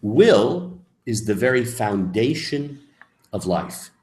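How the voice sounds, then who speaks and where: A man teaching as a rabbi in a lecture, emphatic, moving between soft asides and loud, stressed points. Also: mid-range voice, expressive, slow. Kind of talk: lecture on Jewish mysticism. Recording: echoey room.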